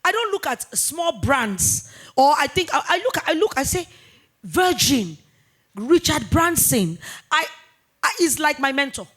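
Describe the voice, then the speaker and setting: A woman in her forties, a business founder talking in a fireside chat interview, emphatic and animated, repeating points for weight. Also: sits high, measured pace. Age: 40s. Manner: emphatic, animated storytelling with repetitions.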